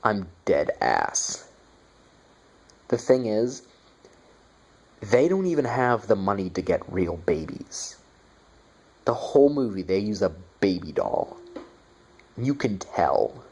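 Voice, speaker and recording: A young man talks through a bad movie in a casual review. His voice sits fairly low, and his tone is sarcastic and profane, full of mocking asides. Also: very animated, unhurried, long pauses, a little mellow.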